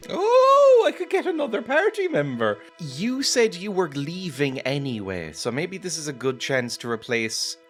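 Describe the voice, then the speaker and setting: A man's voice: on the high side, huge pitch swings, unhurried, hardly any pauses, faint music behind. A young man giving casual, jokey commentary on a game, rambling and laughing often. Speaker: gamer. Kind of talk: casual let's-play commentary.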